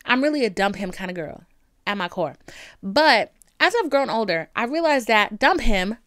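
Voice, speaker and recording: A woman with a Southern country accent, hosting a podcast and giving candid advice in an animated, sassy way with lots of emphatic repetition. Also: a little high, smooth, no echo. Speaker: podcast host.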